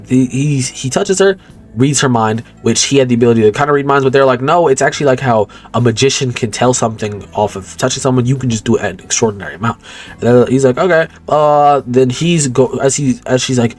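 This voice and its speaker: A man's voice: mid-range voice, brisk. A young man casually recapping a movie plot, rambling, slangy and profane, often stopping to correct himself. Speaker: movie commentator.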